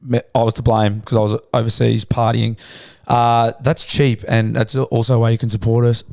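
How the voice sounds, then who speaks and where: Laid-back podcast host. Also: male voice, mid-range voice, little pitch movement, normal speed, vocal fry, a little mellow. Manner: laid-back, swears freely. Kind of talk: casual chat.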